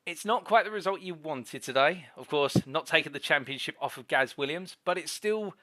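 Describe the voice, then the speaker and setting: A man's voice: fairly high pitch, animated, normal speed, bright, forceful tone. A man hosting a live sim racing broadcast, interviewing drivers in formal, flowing commentary phrasing.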